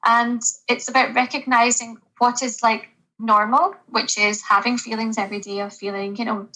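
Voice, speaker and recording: A woman's voice: a little high, sharp tone, low-quality recording. A woman who works as a GP, speaking as a guest in a podcast interview, earnest and reflective, with hesitant restarts.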